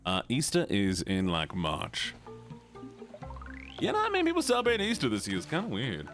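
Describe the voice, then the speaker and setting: A goofy, playful man chats casually with his live stream audience as he games, his pitch swooping wildly at a normal speed. He slips into a put-on southern drawl and deep joke voices over soft game music.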